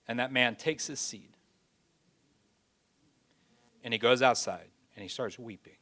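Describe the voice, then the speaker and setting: A man's voice: mid-range voice, unhurried, pauses often. Man preaching with dramatic swings. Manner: dramatic, swings from loud pleading to hushed; folksy everyday phrasing. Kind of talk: sermon.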